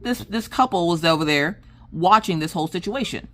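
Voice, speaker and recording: A woman, chatting casually in a crafting vlog, telling stories in an animated way and acting out what people said. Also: fairly low pitch, fairly quick. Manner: animated storytelling, acts out quotes. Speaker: crafting vlogger. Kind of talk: casual chat while crafting.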